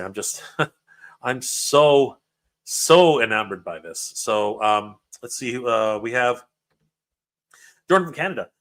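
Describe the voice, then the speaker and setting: A man hosting a livestream, emotional and excited, often stumbling over his words while reading viewer comments. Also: medium pitch. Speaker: livestream host.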